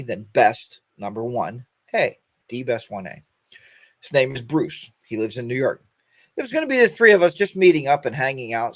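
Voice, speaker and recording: A man in his fifties chats casually on his weekend livestream. He rambles in a folksy way and greets his viewers by name. His voice sits at an ordinary pitch and sounds dry and close, with no room echo. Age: 50s. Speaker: host of a weekend motorcycle chat stream.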